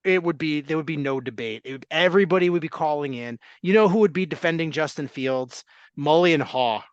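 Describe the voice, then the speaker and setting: A man's voice: on the high side, fairly quick, smooth, no room sound, highs cut off. A man hosting a casual sports talk podcast, rambling and restarting his sentences. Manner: rambling, self-interrupting, laughs easily.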